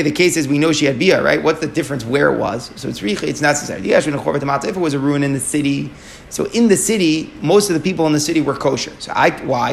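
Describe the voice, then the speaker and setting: A man's voice: a little high, gravelly. A man teaching a Talmud lesson, explaining step by step and asking and answering his own questions, with Aramaic and Hebrew terms mixed in.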